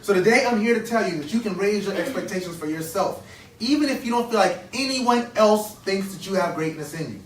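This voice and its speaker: A man's voice: high voice, expressive, a little fast, slight background noise. A man in his thirties giving an earnest motivational speech to kids at a conference, repeating key phrases and quizzing the audience. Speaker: motivational speaker. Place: conference hall. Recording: echoey hall, distant mic, faint ambience.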